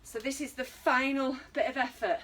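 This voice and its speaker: A woman's voice: high voice, fairly even intonation, normal speed, fairly bright tone, far from the mic, slight background noise, low-quality recording. A British woman leading an online exercise class, encouraging and counting down while working out herself and getting out of breath. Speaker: fitness instructor.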